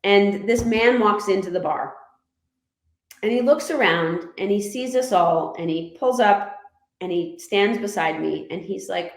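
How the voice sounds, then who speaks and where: A woman from Canada, a podcast guest, telling stories in a lively, animated way and laughing often. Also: mid-range voice, a little slow. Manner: animated storyteller, laughs often, voices others in her anecdotes. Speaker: guest, former motorcycle racer and writer. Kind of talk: casual podcast storytelling. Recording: roomy, echoey room.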